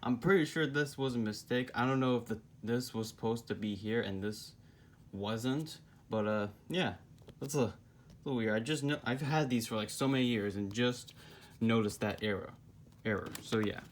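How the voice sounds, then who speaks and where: A man's voice: medium pitch, normal speed. Rambling young man reviewing books. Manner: rambling, full of fillers. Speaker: book reviewer. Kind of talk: casual review. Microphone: phone.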